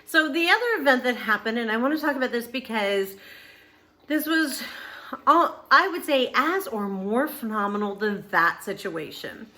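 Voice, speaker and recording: A woman's voice: a little high, lively intonation, normal speed, bright, forceful tone. A middle-aged woman who hosts her own channel, telling a personal story in casual talk that rambles, with many restarts and fillers. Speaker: channel host.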